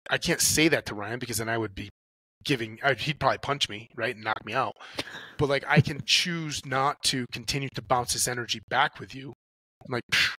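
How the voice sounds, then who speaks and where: Animated man telling stories with bright voice. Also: medium pitch, a little fast, dry recording, poor audio. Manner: animated storyteller, acts out inner dialogues and swears freely. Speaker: podcast guest. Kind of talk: casual conversational talk.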